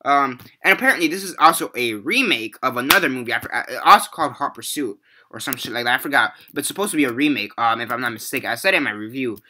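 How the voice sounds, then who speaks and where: Young male movie reviewer, very bright edgy voice, rambling and profane, casual rant. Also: medium pitch, lively intonation, fast, a little hiss or hum.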